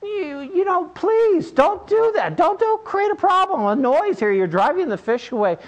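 A man's voice: very high-pitched, sing-song, moderate pace, muffled recording, pitched above the performer's own voice. A man doing a flustered old fisherman. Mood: exasperated. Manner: exasperated, pleading.

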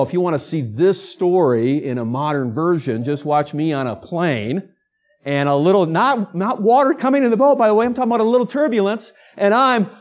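A man preaching a sermon as pastor in a conversational way, mixing self-deprecating humor with passages he drops to hushed, quiet tones. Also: on the high side.

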